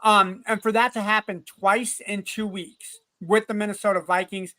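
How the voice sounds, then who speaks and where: A man hosting a casual sports podcast, animated and quick to swear, often talking over his co-hosts. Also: sits high. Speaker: podcast host.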